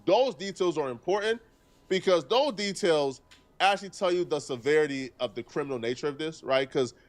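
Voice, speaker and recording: Earnest streamer man, slightly high voice. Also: animated. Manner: earnest, deliberate, argues point by point. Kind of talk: live stream commentary.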